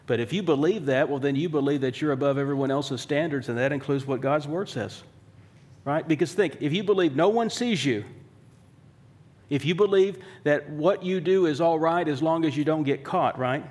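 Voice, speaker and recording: A man's voice: fairly high pitch, moderate pace, darkish tone. A man preaching a sermon in a conversational way, asking rhetorical questions and slipping in dry, wry humor. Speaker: pastor.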